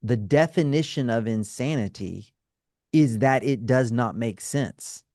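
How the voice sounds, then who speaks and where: A man's voice: medium pitch, a little slow, a little mellow, no room sound. Man explaining like a teacher, dry sound. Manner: teacherly, often checks in with "right?" and "okay?". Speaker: counselor and trauma specialist guest. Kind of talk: explanatory interview talk.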